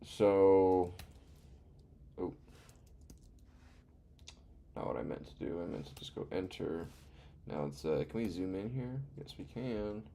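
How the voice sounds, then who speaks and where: A young man live-streams himself learning to code, muttering and reading code aloud as he types, hesitant and full of pauses. His voice is low-pitched, creaky and dark, with a little hiss or hum in the recording.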